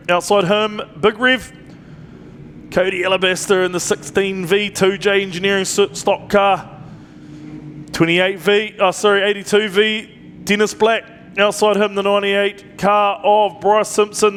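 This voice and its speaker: High-voiced New race commentator. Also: male voice, a bit bright, slight background noise. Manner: brisk, reels off team lists and points. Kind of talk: live motorsport commentary.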